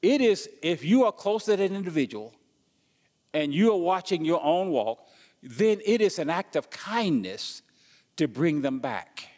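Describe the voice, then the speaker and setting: A man's voice: fairly high pitch, very animated, measured pace, darkish tone, big-room sound. A man preaching a sermon as pastor, stumbling and repeating words as he goes and asking the congregation questions.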